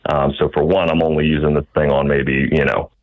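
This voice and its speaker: A man's voice: very deep voice, level tone, fairly quick. A man from the American South, calling in to a radio show with an earnest, hesitant question. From Southern United States. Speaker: caller. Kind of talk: phone-in question. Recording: muffled call-in line.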